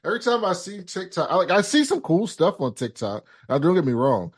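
A man's voice: high voice, sing-song, brisk, slightly rough. Opinionated American man podcaster. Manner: opinionated, profane, rambling with many fillers. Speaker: podcast co-host, former film critic. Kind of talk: casual podcast chat.

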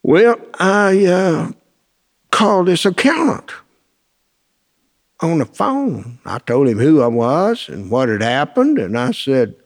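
Storyteller, high voice that swings wide, folksy, acts out the voices. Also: male voice, slow pace. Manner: animated, acts out quoted voices. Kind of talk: folksy spoken anecdote.

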